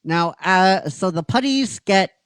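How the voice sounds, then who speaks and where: A man casually retelling a story as a show host, halting and restarting, with the occasional swear word. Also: high voice, expressive, a bit bright, clear, resonant tone, dry recording, low-quality recording.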